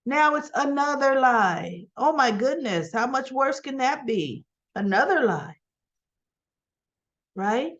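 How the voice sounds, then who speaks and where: A woman giving a casual, chatty recap, animated and full of rhetorical asides. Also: sits high, highs cut off. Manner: animated, rhetorical asides, talks back to characters. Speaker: soap opera recap vlogger.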